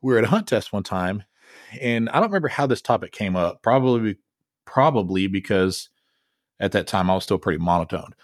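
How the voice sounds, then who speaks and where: Laid-back low-voiced man, dry mic. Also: expressive, fairly quick, no echo. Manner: laid-back, rambling, joking. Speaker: podcast host. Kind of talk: casual podcast chat.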